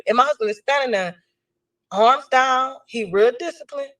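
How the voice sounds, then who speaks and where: A woman's voice: high-pitched, expressive, a little fast, a bit bright. A woman, animatedly recounting an incident and acting out the voices of people in it. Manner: acts out quotes in shifting voices. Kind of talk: animated storytelling.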